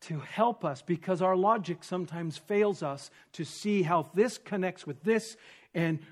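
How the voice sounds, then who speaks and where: A man preaching an expository sermon, teaching with rhetorical questions and swinging from emphatic stress to hushed, near-whispered points. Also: high-pitched, a little slow. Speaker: pastor.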